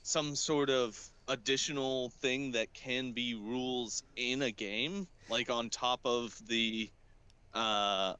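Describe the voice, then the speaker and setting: A man with a bright, forceful voice co-hosts a laid-back podcast. He talks slowly and keeps asking questions to pin down the details. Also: medium pitch, steady tone, clean tone. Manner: inquisitive, asks follow-up questions. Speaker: podcast co-host. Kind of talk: casual podcast chat.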